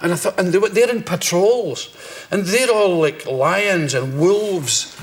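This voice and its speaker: A man's voice: high-pitched, measured pace. A Scottish man telling comic anecdotes as a talk show guest, often breaking into laughter mid-sentence. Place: TV studio with live audience. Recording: studio audience laughing.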